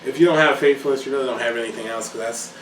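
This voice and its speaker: A man's voice: mid-range voice, racing, recorded from a distance. A young man hosting a casual vlog chat, teasing and emphatic as he argues his points, laughing often. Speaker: vlog host. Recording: echoey room, mic set back, faint hiss.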